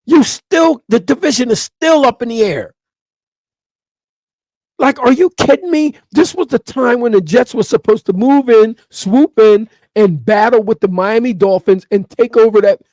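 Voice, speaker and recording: A man's voice: very high-pitched, normal speed, darkish tone, no room sound, clean studio sound. A man ranting through sports opinion commentary, emphatic and repeating his points over and over.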